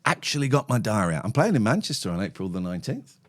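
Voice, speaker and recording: Casual sweary bloke hosting a phone-in, dry and blunt, very animated pitch. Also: male voice, fast. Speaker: phone-in host. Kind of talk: casual live-stream chat.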